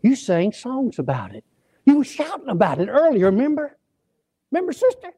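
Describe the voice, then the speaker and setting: High-voiced preacher telling stories. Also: male voice, normal speed, breathy edge, dry recording. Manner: folksy, animated, acts out voices in stories. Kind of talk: sermon with storytelling. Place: church.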